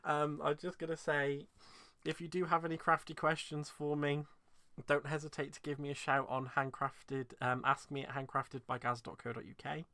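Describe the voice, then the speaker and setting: A man's voice: fairly high pitch, flat delivery, moderate pace, bright, forceful tone, no echo. A man hosting a craft live stream, speaking in a rambling, heartfelt way while emotional and close to tears. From England. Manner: rambling and heartfelt, laughing through restarts. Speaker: craft channel host. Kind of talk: live-stream sign-off chat.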